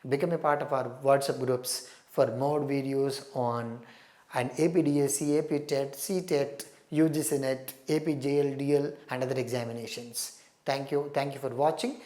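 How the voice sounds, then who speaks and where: A woman's voice: extremely low pitch, fairly even intonation, moderate pace, mellow. A woman teaching exam preparation and explaining, repeating key terms as she goes. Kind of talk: recorded exam-prep lecture. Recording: roomy echo.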